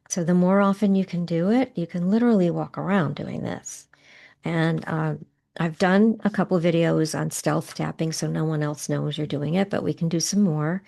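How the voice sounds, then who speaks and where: A middle-aged woman coaching a guided tapping exercise, giving gentle, unhurried guidance with soft pauses. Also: deep voice, vocal fry.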